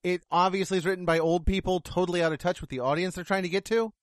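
A man's voice: high-pitched, steady tone, fast, no room sound, studio quality. A man giving a casual, blunt and profane movie review, sarcastic about what he dislikes. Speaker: film reviewer.

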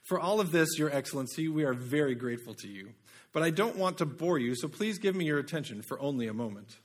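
A man doing a fawning courtroom lawyer with a British accent, all formal politeness and buttery flattery. The voice sits fairly high and speaks in measured, careful phrases. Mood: flattering. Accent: British, put on. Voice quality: formal, ingratiating. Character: flattering male lawyer making accusations.

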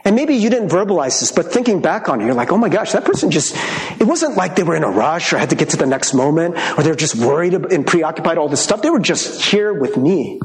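Man, pastor, high voice, lively swinging pitch, conversational sermon, echoey room. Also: quick pace, hardly any pauses. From Michigan. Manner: conversational and animated, with frequent laughs.

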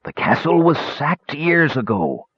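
A man's voice: fairly high pitch, sing-song, measured pace, slightly rough, no room sound, lo-fi sound, voice pushed up, heavily acted. A man voicing a beaten, loyal old soldier who speaks weakly and falteringly. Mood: frightened. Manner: weak, gasping, faltering.

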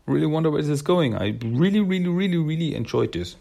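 Gravelly, husky male podcast host. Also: fairly high pitch, lively intonation, fast, mellow. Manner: rambling, upbeat, many fillers. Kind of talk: casual solo podcast talk.

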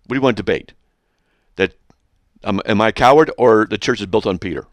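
A man hosting a radio show, reading a hostile letter aloud and mocking it with sarcastic, rambling, deadpan asides. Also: on the low side, quick pace, dry recording, studio quality.

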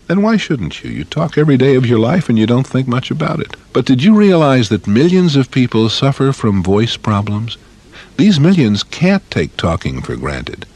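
A man's voice: mid-range voice, big pitch swings, normal speed, darkish tone, slightly rough. A man reading a scripted public service announcement in an earnest, explanatory way.

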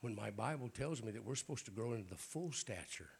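A middle-aged man preaching an informal Pentecostal sermon in a church, hoarse and raspy, often clearing his throat, with folksy jokes to the congregation. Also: medium pitch, expressive, fast talker. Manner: folksy, joking asides to the congregation.

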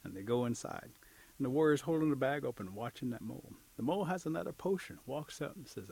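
Husky-voiced man telling a folk tale. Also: mid-range voice, fast. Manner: lively, acts out characters' voices. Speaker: storyteller. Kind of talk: oral storytelling.

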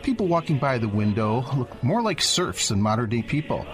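A male narrator telling a radio drama, setting the scene in detail and talking straight to the listener. His mid-pitched voice moves with lively, expressive intonation, and faint music sits underneath. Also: moderate pace. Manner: descriptive storyteller, addresses the listener.

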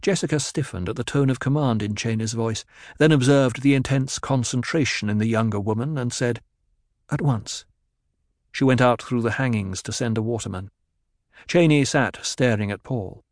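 A man narrating a novel in a measured, even storytelling voice. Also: mid-range voice, no room sound, studio quality. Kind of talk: audiobook narration.

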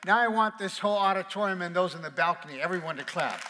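A man's voice: sits high, quick pace, big-room sound, a crowd in the background, noisy background. A man preaching a sermon as pastor, playful and calling on his congregation to answer back. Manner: playful, calls on the congregation to respond. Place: large auditorium with balcony.

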